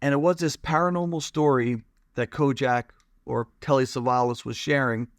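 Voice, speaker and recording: A man's voice: medium pitch, normal speed, dry recording, studio quality. A man hosting a podcast, giving a casual, chatty introduction. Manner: relaxed, chatty. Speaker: podcast host.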